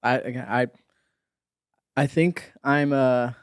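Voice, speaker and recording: A man in his forties co-hosting a podcast, in casual chat, halting and repeating words, often laughing. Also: mid-range voice, steady tone, smooth, no echo, studio quality. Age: 40s. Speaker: podcast co-host.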